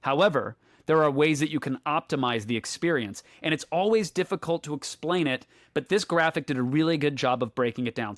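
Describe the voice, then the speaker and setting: Playful podcast co-host, man, slightly high voice, dry close sound, explains things step by step. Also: fairly bright tone, dry recording. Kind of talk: casual chat.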